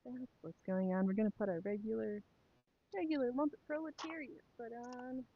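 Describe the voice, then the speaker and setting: A woman's voice: on the high side, steady tone, moderate pace, narrow, tinny audio. A woman chatting casually to her live stream while sewing, rambling and talking to herself and her pets.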